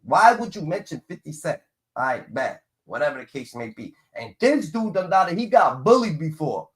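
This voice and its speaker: A man's voice: a little high, very animated, normal speed. Mocking, profane man ranting at clips. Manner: profane, mocking, repeats filler chants. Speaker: streamer reacting to clips. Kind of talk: ranting reaction commentary.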